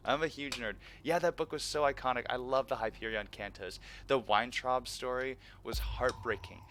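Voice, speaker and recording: A man in his thirties chatting casually on a live stream, animated and laughing often with nerdy enthusiasm. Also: medium pitch, moderate pace.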